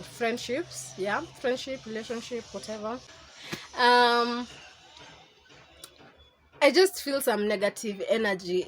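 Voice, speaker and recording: A woman's voice: mid-range voice, slight background noise, low-quality recording. A young woman with a Kenyan accent, chatting candidly to camera in a casual vlog and slipping into Swahili slang. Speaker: vlogger.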